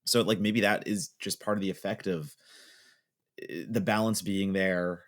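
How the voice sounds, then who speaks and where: A man's voice: low voice, steady tone, measured pace. A man co-hosting a podcast, talking in a rambling, casual way with lots of fillers. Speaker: podcast host.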